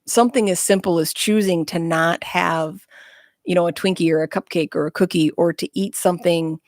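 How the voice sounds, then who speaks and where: A woman's voice: lowish voice, steady tone, moderate pace, dry recording. A woman guest speaking frankly and bluntly in a casual interview chat, with self-mocking humor, in a small studio.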